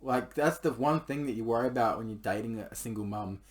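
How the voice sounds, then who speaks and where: A man spins a crude personal anecdote in loose, casual talk. He swears constantly and leans on "like" as he rambles along. His voice sits at an ordinary, middle pitch. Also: fairly quick. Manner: rambling, swears a lot, heavy use of "like". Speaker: podcast storyteller.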